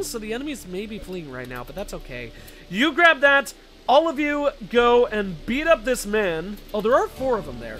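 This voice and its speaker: High-voiced excitable gaming commentator. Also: male voice. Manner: excitable, shouts orders at the game characters, self-deprecating. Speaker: game let's-play host. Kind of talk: casual gameplay commentary.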